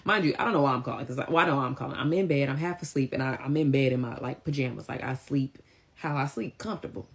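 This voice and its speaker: A woman telling a personal story in a casual, animated, slangy way. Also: a bass voice, fast, gravelly. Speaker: vlogger.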